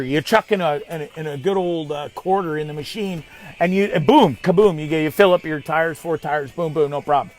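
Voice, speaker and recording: A high-pitched man in his thirties from Canada hosts a live show, venting in an animated, exasperated rant. He swears freely and throws insults at his listeners. Soft music plays faintly behind him. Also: a little fast. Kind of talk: ranting monologue.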